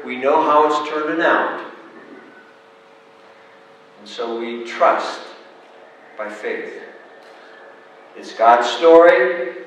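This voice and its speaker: Man preaching, slow deliberate delivery, booming church echo, mic at a distance. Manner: dramatic, shifts between loud and soft. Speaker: pastor. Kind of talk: sermon with storytelling. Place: church sanctuary. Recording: echoey hall, distant mic.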